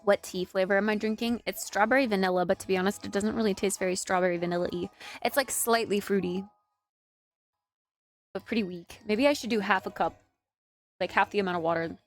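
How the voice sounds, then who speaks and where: A woman's voice: mid-range voice, steady tone, brisk. A woman in her twenties, a streamer in casual live-stream chat, giggly and chatty with lots of "like". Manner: giggly, chatty, filler-heavy with "like".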